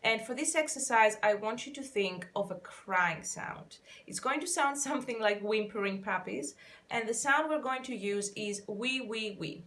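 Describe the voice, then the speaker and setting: A woman vocal coach gently guiding listeners through a warm-up, counting and demonstrating each exercise in an encouraging way. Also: a little high, moderate pace. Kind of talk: guided vocal warm-up instruction. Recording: faint piano underneath.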